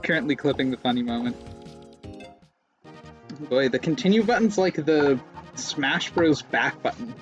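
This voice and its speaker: A man's voice: medium pitch, moderate pace, fairly bright tone, muffled recording, soft background music. A young man streaming live gameplay, rambling with self-mocking jokes and sudden yelps.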